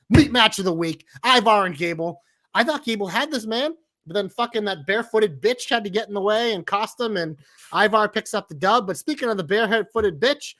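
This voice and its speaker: A man's voice: high voice, bright, forceful tone. A man co-hosting a wrestling podcast in casual, profane, enthusiastic chat. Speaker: podcast co-host.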